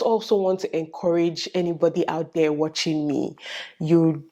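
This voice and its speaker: A young woman with a Nigerian accent, chatting casually to her viewers in a vlog, telling stories in an animated way with Pidgin asides. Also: on the low side, moderate pace. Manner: animated storytelling with lively quoted voices and Pidgin asides. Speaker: vlogger.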